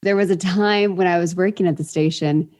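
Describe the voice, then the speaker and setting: A woman's voice: on the low side, fairly even intonation, brisk, darkish tone. A woman guest in a casual interview, telling quirky, bubbly stories. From Indianapolis, US. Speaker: podcast guest.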